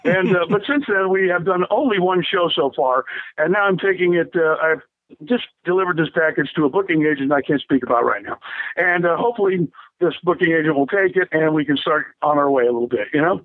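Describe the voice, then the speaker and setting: Over a tinny, dry phone line with no echo, an older man, a rock drummer, is interviewed and spins rambling stories. He laughs a lot and keeps restarting sentences, speaking fairly quickly in a fairly high voice.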